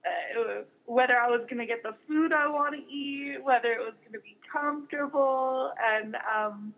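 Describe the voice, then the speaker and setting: A young woman being interviewed as a guest, speaking warmly and haltingly with many fillers and restarts. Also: high-pitched. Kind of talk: casual interview. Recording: dull lo-fi recording.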